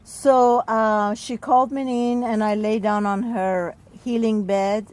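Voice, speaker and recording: Expressive woman. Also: a little high, slow pace, poor audio. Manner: expressive, acts out quoted speech, frequent "like". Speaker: spiritual healer guest. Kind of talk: personal storytelling in an interview.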